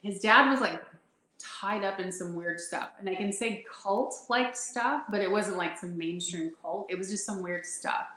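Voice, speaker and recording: A woman guest telling personal stories in a conversation, animated and laughing often as she acts out what people said. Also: medium pitch, a little slow, roomy sound, poor audio. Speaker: intuitive guest. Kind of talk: storytelling in a conversation.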